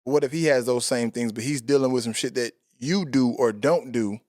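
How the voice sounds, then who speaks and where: A man's voice: mid-range voice, moderate pace, a little mellow, no room sound, clean studio sound. A man in his thirties hosting a podcast, talking bluntly and profanely in casual chat. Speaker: podcast host.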